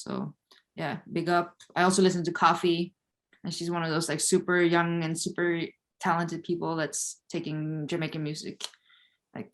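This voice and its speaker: A woman as a podcast guest, talking in an easygoing, casual way. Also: deep voice. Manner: easygoing, many "like" fillers. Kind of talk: casual interview.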